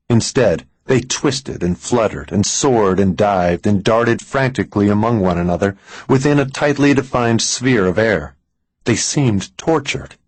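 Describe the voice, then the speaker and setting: A man narrating a suspense audiobook in a measured way, slowing down for tense moments. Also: fairly low pitch, slightly rough, dry recording, low-quality recording. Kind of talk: scripted narration.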